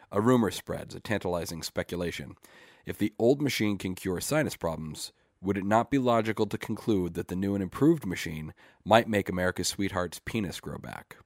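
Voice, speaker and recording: A man reading a short story aloud in a measured, deadpan way. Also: sits low, no room sound, clean studio sound. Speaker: story reader.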